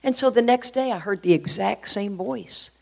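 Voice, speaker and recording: A woman's voice: medium pitch, normal speed, creaky. Middle-aged woman, earnest storyteller, chatty with lots of fillers, sharing her recovery story. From Houston, Texas. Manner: heartfelt, earnest, conversational with many fillers. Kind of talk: personal storytelling talk.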